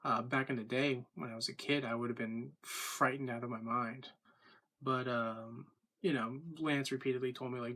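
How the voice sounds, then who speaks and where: Vlogger man recapping his day; flat, even-toned, loose and rambling with fillers. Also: medium pitch, moderate pace. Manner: rambling, many fillers and restarts. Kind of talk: casual daily video diary.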